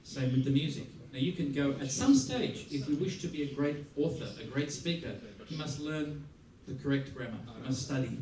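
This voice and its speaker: A man from Australia giving a music masterclass, playful and lively, acting out little scenes as he teaches. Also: mid-range voice, normal speed, hardly any pauses. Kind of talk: masterclass talk. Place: large theater hall. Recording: roomy hall from a distance. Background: audience laughter.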